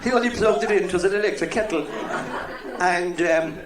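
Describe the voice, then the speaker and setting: A man with a Cork Irish accent telling jokes to a live audience, jumping into high shouted voices for the people in his jokes. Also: moderate pace. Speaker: comedian. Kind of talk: live stand-up joke telling. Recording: echoey live venue with laughing crowd, worn tape copy.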